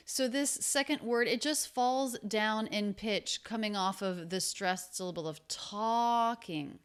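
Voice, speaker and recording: A woman teaching English pronunciation, explaining each sound slowly and repeating words to demonstrate them. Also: mid-range voice, smooth. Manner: slow and deliberate, repeats sounds to show them. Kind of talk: explaining pronunciation from a film clip.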